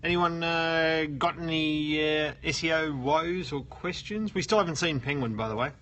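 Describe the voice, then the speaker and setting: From his office at work, an Australian host of a live SEO question stream keeps things casual, joking and reading viewer comments aloud. His voice sits on the high side, fairly bright, at a moderate pace.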